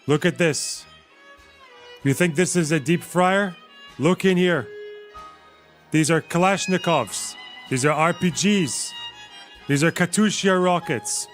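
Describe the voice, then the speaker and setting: A man's voice: a little high, voice pushed up. A man doing a hammy army spokesman. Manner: over-the-top, dramatic reveals. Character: overexcited male army spokesman touring a weapons cache. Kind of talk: mocking parody bit.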